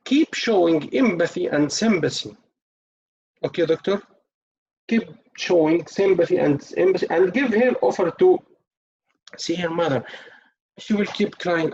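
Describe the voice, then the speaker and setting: A man's voice: high voice, measured pace, long pauses, darkish tone, slightly rough. A man teaching doctors how to break bad news, acting out the doctor and the relatives as he goes. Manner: acts out doctor and relative lines in a teaching session. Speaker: medical exam tutor. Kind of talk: teaching communication skills with role-play. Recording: dull lo-fi recording.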